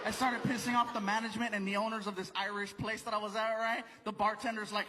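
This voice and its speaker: A man telling a rowdy, animated stand-up comedy story. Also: sits high, brisk, few pauses.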